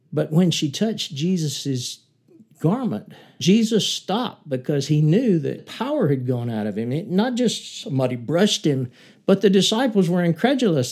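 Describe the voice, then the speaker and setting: An older man with a warm, mellow voice, sharing memories of his ministry. He retells scripture as a lively story and builds up force at the dramatic turns. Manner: earnest, rising in pitch and force as he retells the story. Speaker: former missionary preacher. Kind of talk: reflective talk and Bible storytelling.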